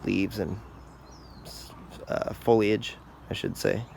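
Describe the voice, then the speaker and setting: Gravelly low-voiced man touring a garden. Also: slow, slight background noise. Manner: relaxed, informal explaining with fillers. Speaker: garden channel host. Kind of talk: casual garden tour walkthrough. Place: outdoor garden.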